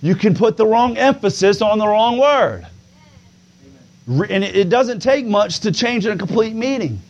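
A man preaching a sermon to a congregation. He moves from easy conversational talk to loud, drawn-out preaching with calls of "come on now". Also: high-pitched, expressive.

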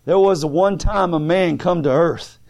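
A male preacher with a somewhat high voice, delivering a sermon in a fervent, folksy way. He tells homely stories in plain speech and swings from soft pleading to ringing calls. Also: a little slow. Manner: folksy plain-spoken storytelling. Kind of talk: sermon answering written questions.

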